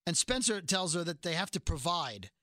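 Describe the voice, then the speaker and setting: A podcast co-host recaps a show in casual, animated talk, slipping into playful voices when quoting. His voice is high, bright and clear, at a moderate pace. The sound is dry and close, with no echo.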